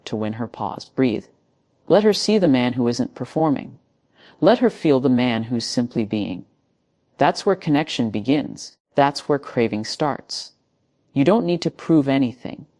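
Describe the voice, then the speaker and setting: Measured, emphatic woman motivational speaker. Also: a bass voice, mellow. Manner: measured, emphatic short phrases with dramatic pauses. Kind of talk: scripted motivational speech.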